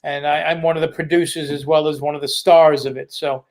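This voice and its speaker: A man's voice: fairly high pitch, little pitch movement, a little fast, darkish tone. A man, a comedian guest on a podcast, chatting casually in an easygoing way and explaining things at length. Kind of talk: casual chat.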